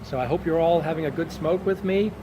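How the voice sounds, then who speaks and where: Here the pipe-smoking vlogger talks in a fairly high pitch and a bit quickly, relaxed and laughing as he winds through a meandering tale. Background noise surrounds him on his nighttime bench outdoors.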